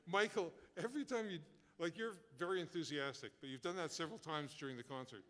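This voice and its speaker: A singer-songwriter joking and chatting with a live audience from the concert stage. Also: male voice, a little high, quick pace, fairly bright tone, long reverb tail. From Alberta, Canada.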